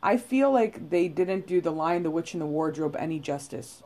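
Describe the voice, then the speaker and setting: A woman's voice: sits low, lively intonation, normal speed, warm tone. A woman, co-hosting a casual podcast and talking bluntly, often profanely, with lots of "like" and "you know". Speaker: podcast co-host. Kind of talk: casual chat.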